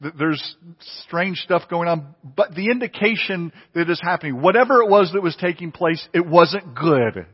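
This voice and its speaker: This pastor's voice is a little high and husky, lively in intonation, at normal speed with few pauses. He preaches earnestly, repeating phrases to drive them home, in a dull recording with long hall reverb.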